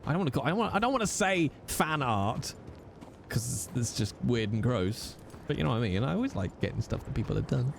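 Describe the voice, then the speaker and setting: A man's voice: mid-range voice, sing-song, fairly quick, a little hiss or hum. A man streaming a role-play game, chatting casually with his viewers in a playful, rambling way and humming little tunes between remarks. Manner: playful, rambling, hums little tunes, jokes about accents. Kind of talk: casual gaming chat with viewers.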